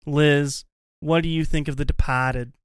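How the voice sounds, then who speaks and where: A man's voice: fairly high pitch, a little slow, smooth, no room sound, clean studio sound. A man hosting a casual podcast chat about a movie, joking and laughing often. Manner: laughs often, lively and jokey. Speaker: podcast host.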